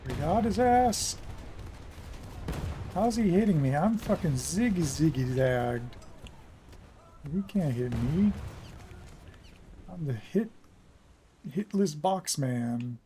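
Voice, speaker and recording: A man's voice: fairly high pitch, lively intonation, slow pace, long pauses, dark tone, slight background noise. A young man giving casual commentary while playing a naval game, muttering and swearing at what happens. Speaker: gaming streamer.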